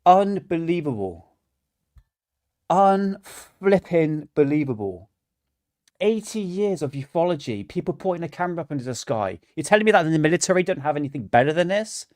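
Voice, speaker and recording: A man with a fairly high voice hosts a reaction stream, his talk full of exasperated swearing. He stumbles over repeated restarts as he vents. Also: big pitch swings, fast talker, few pauses. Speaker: livestream host. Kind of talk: reaction livestream rant.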